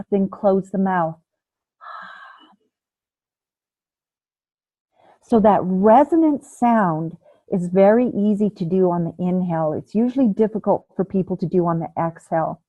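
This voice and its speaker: A calm, patient woman teaches a breathing class and demonstrates each breath aloud. She speaks slowly in a mid-range voice. Her sound is dry and narrow, like a call heard over a phone. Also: mid-range voice, dry recording. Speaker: ayurveda and yoga teacher.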